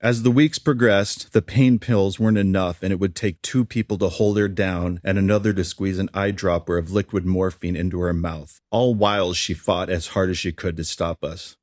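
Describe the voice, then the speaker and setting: Casting: young man, very low voice, somber audiobook memoir reading, dry close mic. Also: fairly even intonation, moderate pace, few pauses, a little mellow, no room sound. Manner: plain, somber storytelling. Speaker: memoir narrator.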